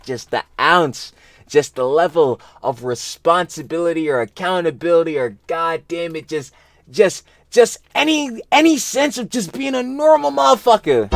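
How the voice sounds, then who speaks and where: A man's voice: on the high side, fairly bright tone. A young man hosting a reaction video, ranting heatedly with profanity and repeated exasperated outbursts. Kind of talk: casual reaction commentary.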